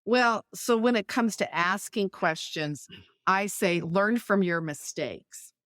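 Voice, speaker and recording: A middle-aged woman, a podcast guest, explaining conversation tips clearly and illustrating them with anecdotes. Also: mid-range voice, takes it slowly, a bit bright, no room sound, studio quality.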